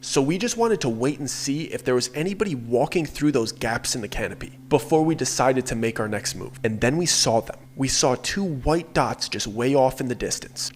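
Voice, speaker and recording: Male storyteller, mid-pitched voice, earnest first-person horror narration, steady telling. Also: slight background noise.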